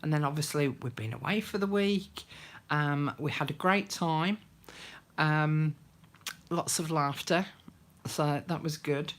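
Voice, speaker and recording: Low-voiced older woman chatting. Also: slow pace. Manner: chatty, greets viewers by name, drops to soft murmurs while working. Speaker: craft live-stream host. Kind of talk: casual live-stream chat while crafting.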